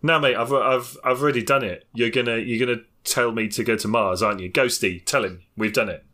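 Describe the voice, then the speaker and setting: A man's voice: mid-range voice, fairly quick, pushed and bright. A man voicing an impatient, swearing space hero in a comic role-play. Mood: dismissive. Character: impatient foul-mouthed male space hero.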